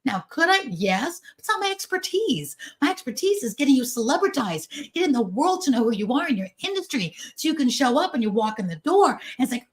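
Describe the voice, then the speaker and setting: A fairly high-voiced woman speaks to an online business audience over a video call. Her motivational talk is lively and chatty, and she slips into little voices whenever she quotes someone. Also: fairly quick, few pauses. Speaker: guest speaker at a business event.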